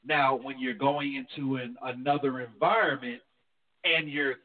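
A man's voice: mid-range voice, unhurried. A man from New Jersey, a pastor, talking candidly and reflectively in a casual talk show chat. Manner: candid, reflective, animated when quoting his wife. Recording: tinny phone line.

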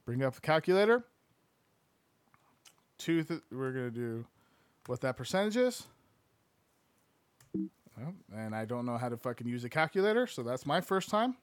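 A man reading a sports book aloud, breaking off into excitable, profane, slangy asides. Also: mid-range voice, moderate pace, pauses often, dry recording.

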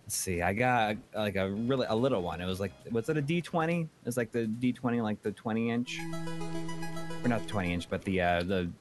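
Rambling, halting man co-host. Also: fairly low pitch, expressive, faint music behind. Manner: rambling, halting, many fillers and restarts. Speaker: podcast co-host reading donations. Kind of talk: casual chat.

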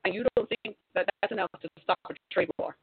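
Woman commentator, exhorting and preachy, dry close sound, husky voice. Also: medium pitch, steady tone, quick pace, no room sound. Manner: preachy, exhorting, rhetorical questions. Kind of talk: impassioned monologue to viewers. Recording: tinny phone-like sound.

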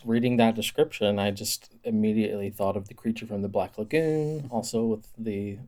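A man's voice: fairly low pitch, moderate pace, a little mellow. A man co-hosting a casual podcast, easygoing, who also reads text aloud with drama. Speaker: podcast co-host and editor.

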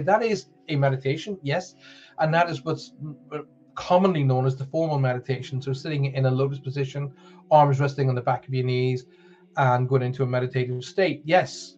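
A man with a Northern Irish accent hosting a live-streamed spiritual show in a chatty, rambling way, with many fillers and restarts. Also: medium pitch. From Northern Ireland. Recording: dull lo-fi stream audio.

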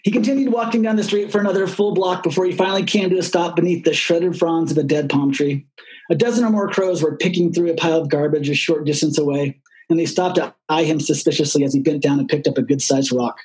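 A man narrating an audiobook in a steady, measured storytelling voice. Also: on the high side, low-quality recording.

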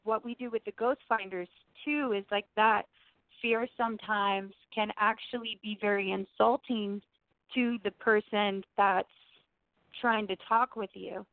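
A woman's voice: medium pitch, fairly even intonation, measured pace, no echo, phone-quality sound. A woman guest talking casually and earnestly, with many restarts and fillers, over a remote call. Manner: chatty, earnest, with frequent "like" and restarts. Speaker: guest medium. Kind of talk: casual chat.

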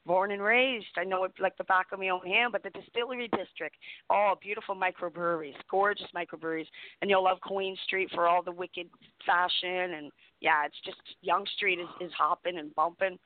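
A man's voice: sits high, fairly quick, no room sound. Chatty man on a phone line. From Canada. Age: 40s. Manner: chatty, excitable, repeats himself. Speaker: co-host. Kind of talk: casual radio chat. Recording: dry tinny phone-line audio.

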